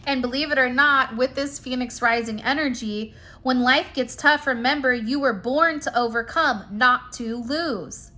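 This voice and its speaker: Bright, high-voiced woman giving a spiritual reading. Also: unhurried, hardly any pauses. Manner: chatty, emphatic, addresses viewers directly with "like" and "you know". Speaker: spiritual card reader. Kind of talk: direct-to-camera spiritual reading.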